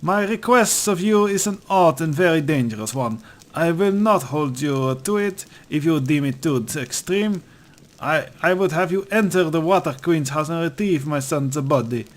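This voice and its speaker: A man voicing a proud older high priest who speaks solemnly and formally, with a rasp in his voice. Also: normal speed, natural voice.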